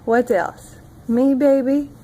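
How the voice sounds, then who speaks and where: A mother at home reading a picture book aloud to her toddler, gently coaxing and prompting the child along. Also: high voice, fairly even intonation, slow, a little hiss or hum, rough recording.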